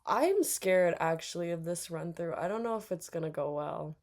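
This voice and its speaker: Young woman w/ a low gravelly voice, muttering + cursing thru a let's play. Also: moderate pace, a little mellow. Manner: reactive, swears a lot, mutters to herself. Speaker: gaming streamer. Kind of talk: casual let's-play commentary.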